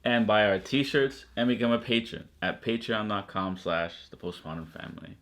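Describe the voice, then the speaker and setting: An American man in his thirties chatting casually on a vlog, measured and backing up his partner with quiet murmurs. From United States. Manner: measured, with many low agreeing murmurs. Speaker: vlogger. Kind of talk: casual chat.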